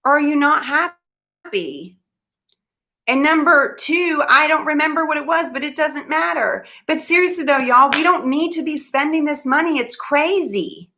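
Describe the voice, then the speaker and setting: A woman's voice: sits high, normal speed, sharp tone. A young woman talking to camera, earnest and emphatic, sometimes losing her train of thought. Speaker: vlogger giving money advice. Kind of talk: casual talk to camera.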